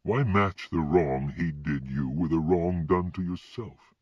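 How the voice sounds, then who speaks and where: A man's voice: deep voice, measured pace, no echo. A man voicing an earnest young man who serves as Death in an audiobook, speaking in a pleading, urgent way. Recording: dull lo-fi recording.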